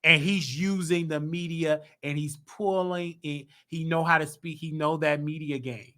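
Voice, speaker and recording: Bright, animated man hosting commentary. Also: a little high, measured pace. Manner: emphatic, animated, rhetorical questions. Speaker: host. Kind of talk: casual commentary monologue.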